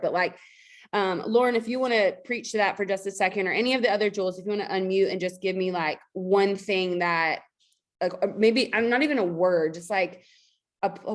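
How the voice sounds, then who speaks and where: A woman who leads a network marketing team, giving a casual motivational talk on a video call in a chatty, emphatic way, full of fillers. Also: mid-range voice.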